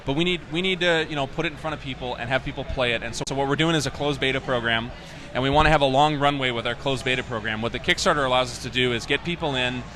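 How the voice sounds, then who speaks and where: A man, a game developer, talks about his game and tells stories in a casual interview. He sounds enthusiastic and animated throughout. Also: mid-range voice, quick pace.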